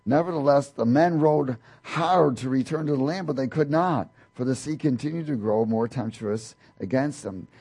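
A man's voice: moderate pace, hardly any pauses, dark tone, slightly rough. A man preaching a sermon, reading scripture aloud and explaining it, often lifting his voice for the quoted lines. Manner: reads scripture aloud, rising in pitch for quoted speakers, with light laughs.

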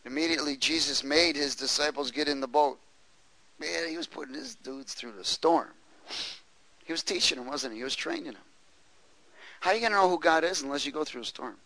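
A man preaching a lively sermon, laughing often and tossing questions to the congregation. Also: fairly high pitch, brisk, no echo, rough recording.

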